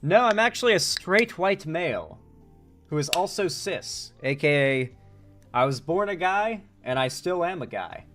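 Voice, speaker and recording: A man hosting a live political commentary stream, reading chat aloud in an animated, joking way and swearing casually. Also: a little high, measured pace, soft background music.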